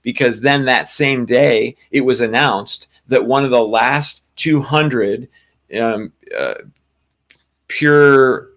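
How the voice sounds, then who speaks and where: A man co-hosting a spiritual talk show tells a long personal story in a casual, animated way, frequently restarting his sentences. His voice is mid-range and slow.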